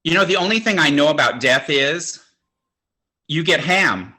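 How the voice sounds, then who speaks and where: A man's voice: on the high side, lively intonation, normal speed, sharp tone. A man in his sixties doing a stand-up comedy set, with a campy, conversational, self-mocking delivery. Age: 60s. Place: home, virtual show.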